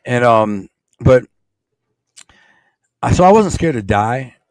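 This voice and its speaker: A man's voice: medium pitch, expressive, slow pace, a little mellow, no echo, studio quality. A middle-aged man from Michigan with a Michigan accent, telling a rambling story in blunt, streetwise words as a podcast guest. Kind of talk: casual storytelling.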